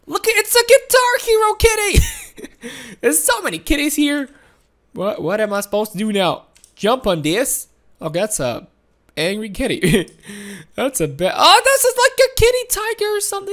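Woman, game commentary, high voice, bouncy and animated, laughs often. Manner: excitable and giggly, frequent laughs and exclamations. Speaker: gaming video host.

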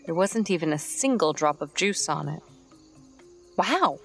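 A woman narrating a storybook in a steady, even read. Her voice sits on the low side, with faint music playing under her. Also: brisk, vocal fry. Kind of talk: scripted narration.

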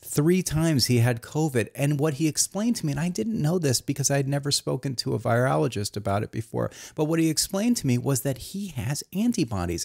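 A man's voice: vocal fry, darkish tone. Mock-earnest man hosting a comedy show. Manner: mock-earnest, rambling, with jumps in pitch. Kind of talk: deadpan satirical monologue.

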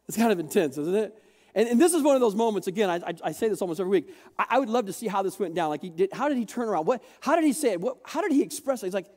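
A male pastor preaching a sermon to a church congregation, lively and joking, acting out the voices of people in the story and getting the crowd to repeat words. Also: high-pitched, fast. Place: large church hall. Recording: long reverb of a church hall.

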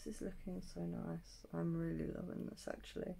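A young woman chatting through a makeup tutorial, answering questions aloud with many pauses and ums. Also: lowish voice, level tone, vocal fry, mellow, a little hiss or hum. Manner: thinking aloud with many ums, self-teasing. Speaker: beauty vlogger.

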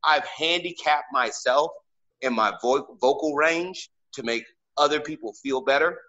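A man with a fairly high, bright voice talks in an emphatic, casual podcast style, filling his sentences with "like." The audio is muffled and lo-fi. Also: measured pace. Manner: emphatic, loaded with "like" fillers. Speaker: podcast co-host.

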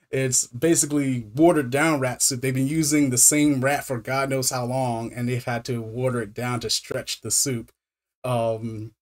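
Man, film reviewer, casual rambling recap, lots of restarts; mid-range pitch. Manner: stammering repetitions with many fillers.

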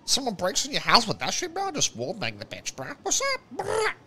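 A man's voice: high voice, huge pitch swings, a little fast, bright, forceful tone, a little hiss or hum. A young man in casual voice chat, slangy and swearing, calling everyone bro. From Australia. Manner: slangy, swears a lot, says bro constantly. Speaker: game streamer chatting out of character.

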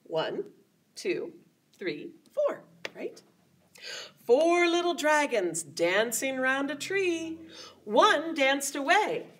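A woman's voice: high-pitched, big pitch swings, very slow. A woman children's librarian leading storytime, with sing-song rhymes and coaxing questions to young children. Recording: voice a little distant from the mic.

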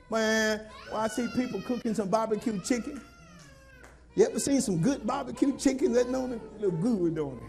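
A man preaching a sermon as pastor, scolding and repeating himself to the congregation, sometimes shouting. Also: high voice, lively intonation, normal speed, creaky, soft background music.

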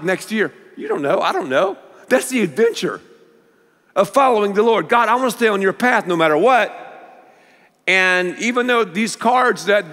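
A man preaching a sermon as pastor, with an animated, playful manner. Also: sits high. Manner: animated, playful, leads the congregation in call-and-response. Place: large church auditorium. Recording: long reverb of a large church hall.

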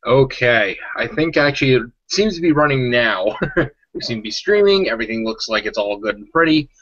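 A man's voice: medium pitch, animated, brisk, a bit bright. A man hosting a live gaming stream, chatty and rambling, laughing often. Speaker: show host. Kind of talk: casual live-stream interview. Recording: slightly dull lo-fi audio.

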